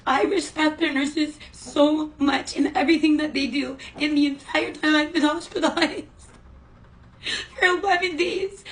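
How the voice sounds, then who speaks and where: High-voiced woman venting from a hospital bed. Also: fairly bright tone, far from the mic, poor audio. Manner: upset, venting. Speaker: hospital patient. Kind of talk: casual storytime vlog. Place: hospital room.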